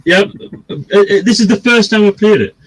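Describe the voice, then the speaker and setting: A man's voice: high-pitched, expressive, moderate pace, rough recording. A man, co-hosting a gaming stream and telling a long, sweary, rambling story in a casual way. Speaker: stream co-host.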